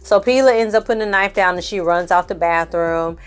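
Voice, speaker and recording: A woman's voice: on the low side, fairly quick, clear, resonant tone. A woman recapping a TV series in a casual, opinionated and slangy way. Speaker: film and TV recap reviewer. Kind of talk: casual review chat.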